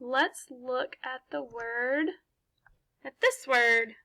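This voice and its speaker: Slow, bright-voiced woman teaching phonics. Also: high voice. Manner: slow, patient, encouraging, asks and answers her own questions. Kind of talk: remote phonics lesson for young children. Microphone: laptop mic.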